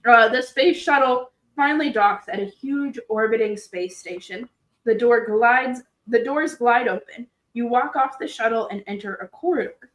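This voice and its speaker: A woman hosting a stream, reading a gamebook aloud in an animated, joking way and laughing often. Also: fairly high pitch, a little slow, roomy sound, low-quality recording. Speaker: host.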